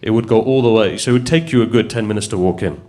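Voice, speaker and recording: A man's voice: fairly low pitch, quick pace, dark tone. A man preaching, telling a story in a conversational way and putting questions to his listeners. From United Kingdom. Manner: conversational, asks the audience questions. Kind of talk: storytelling sermon.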